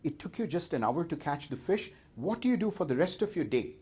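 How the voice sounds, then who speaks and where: A man's voice: a little high, big pitch swings, a little fast, warm tone, breathy edge, pitched above the performer's own voice, full character voice. A man with an Indian accent playing a pushy American business professor who questions a fisherman about his day. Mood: incredulous.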